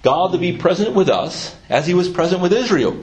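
A man's voice: high voice, animated, fairly quick, a little mellow. A man preaching a sermon, reading scripture aloud and then explaining it with growing fervor.

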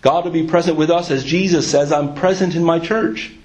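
Fervent preacher man, fairly high voice. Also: steady tone, a little fast, a little mellow. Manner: reads King James scripture aloud, then explains it with rising fervor. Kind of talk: sermon with scripture reading.

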